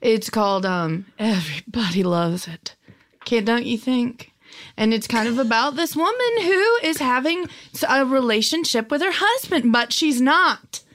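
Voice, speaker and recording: A young woman with a somewhat high voice talks into a podcast mic. She plays her bits deadpan and flustered. She keeps slipping into giggles. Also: a little slow. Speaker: guest comedian. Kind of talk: improvised comedy chat.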